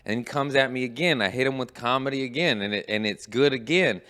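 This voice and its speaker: A man who is a stand-up comedian, telling a story in casual podcast chat, animated and profane, acting out quotes. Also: medium pitch, quick pace, clear, resonant tone.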